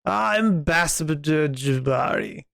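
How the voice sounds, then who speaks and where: A man reads a courteous city guide from a video game, slow and formal. The voice sits a little high and has a gravelly edge. The sound is dry and close. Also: lively intonation, fairly bright tone, no room sound, full character voice. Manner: slow, stately, formal reading.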